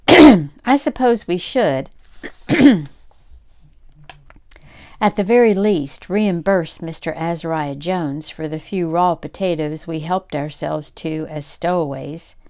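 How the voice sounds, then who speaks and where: An older woman voicing a calm, formal English butler in a storybook read-aloud. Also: fairly low pitch, slow pace, long pauses. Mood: polite. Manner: calm, formal, soft-spoken. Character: proper, polite English butler man.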